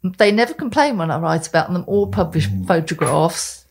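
A woman's voice: on the low side, animated, normal speed, vocal fry. A woman co-hosting a casual chat podcast, blunt and opinionated, given to ranting. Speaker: podcast co-host, columnist.

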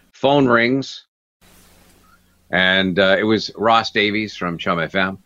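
A man's voice: on the low side, slow pace, long pauses. An older man, a guest broadcaster telling stories from his career in an interview and acting out the people he quotes. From Canada. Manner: animated storyteller who acts out quotes. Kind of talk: anecdotal interview storytelling. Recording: dull lo-fi recording.

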